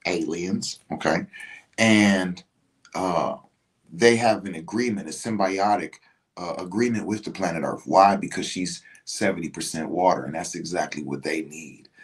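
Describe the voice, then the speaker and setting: A man hosting a casual spiritual talk, speaking in an animated, slangy way, swearing and often asking "you know what I'm saying". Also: sits low, low-quality recording. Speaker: podcast host.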